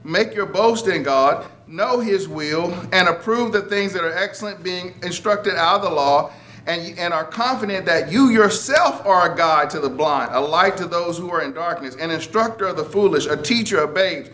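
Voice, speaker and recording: A man's voice: high-pitched, lively intonation, normal speed, fairly bright tone. A man preaching a sermon in a conversational way, chuckling and lifting his voice for emphasis.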